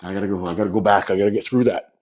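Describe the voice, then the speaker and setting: A man's voice: low-pitched, steady tone, racing, a little mellow. A man in a comedic livestream, rambling and boasting to his viewers, talking into a phone held at arm's length. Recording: dull lo-fi phone stream.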